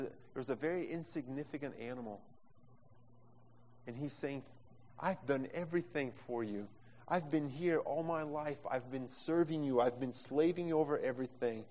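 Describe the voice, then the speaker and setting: A man's voice: on the high side, a little mellow. A man preaching a sermon as pastor into a microphone, with passionate delivery and phrasing. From Brazil. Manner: impassioned preaching, non-native phrasing, acts out quotes. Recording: long reverb from a hall.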